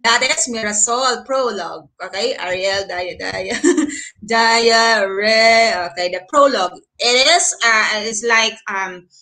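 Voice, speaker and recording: Her mid-range voice sounds pushed and bright over poor audio as this Filipino-accented woman leads an online class. Switching between Tagalog and English, she stays encouraging and keeps asking her students "okay?".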